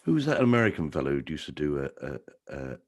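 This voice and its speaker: A man's voice: rumbling low, big pitch swings, fast talker. An older man hosting a podcast, telling wry, amused anecdotes in a casual conversation over a video call. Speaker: podcast host.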